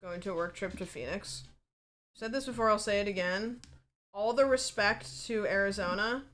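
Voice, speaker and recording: A woman's voice: medium pitch, a bit bright. A woman livestreamer chatting casually from a home setup, rambling and peppered with fillers and swearing.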